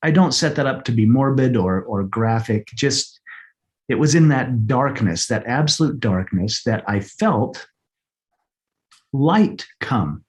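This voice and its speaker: A middle-aged man telling a personal story as an interview guest, earnest and halting, often repeating words as he searches for them. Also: mid-range voice, lively intonation. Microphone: podcast microphone.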